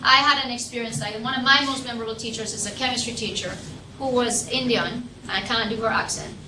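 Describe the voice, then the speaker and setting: Jamaican woman lecturer, high voice, animated storyteller, echoey distant room sound. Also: fast. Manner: animated storyteller, lively when retelling scenes. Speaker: lecturer leading a class discussion. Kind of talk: classroom discussion, storytelling. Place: classroom. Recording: echoey classroom, distant mic, noisy.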